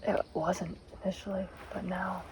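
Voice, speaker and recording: Raspy woman over loud vehicle noise. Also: fairly low pitch, level tone, moderate pace. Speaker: reality game contestant.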